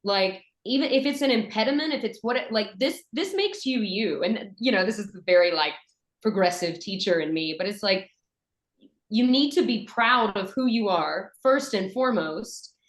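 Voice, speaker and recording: A woman from Western North Carolina with a softened Southern accent, a voice actress and dialect coach chatting in an interview with lots of fillers and restarts. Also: mid-range voice, expressive, normal speed, echoey room, low-quality recording. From Western North Carolina, USA. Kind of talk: conversational interview.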